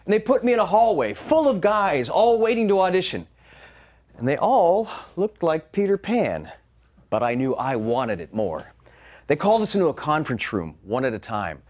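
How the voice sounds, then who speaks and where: Animated man telling a comic story. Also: fairly high pitch, normal speed. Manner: wry, animated. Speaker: solo storyteller. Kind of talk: performed comic monologue.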